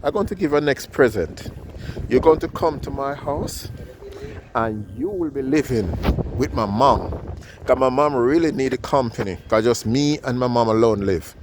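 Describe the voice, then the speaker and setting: A man voicing a kind male surgeon who gently and earnestly reassures a poor woman. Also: mid-range voice, expressive, normal speed, slight background noise, close to an everyday voice. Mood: reassuring.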